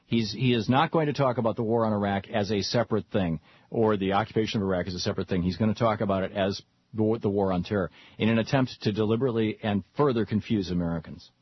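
A man's voice: fairly low pitch, quick pace, breathy edge, dry recording. A man hosting a call-in radio talk show, talking in long rambling runs with frequent restarts. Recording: dull lo-fi radio broadcast.

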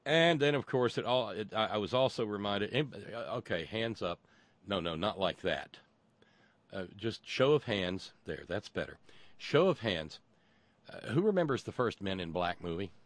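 A man's voice: on the low side, lively intonation, normal speed, dry recording. Guy for sarcastic rant commentary; stumbles and restarts, dry close mic. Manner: rambling and sarcastic, many restarts. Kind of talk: casual monologue commentary.

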